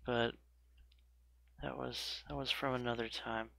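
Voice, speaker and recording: Gravelly thirty-something man streaming. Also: medium pitch, level tone, measured pace, fairly bright tone, dry recording. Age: 30s. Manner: chatty, self-mocking, laughs often. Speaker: game streamer. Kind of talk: casual live-stream chat.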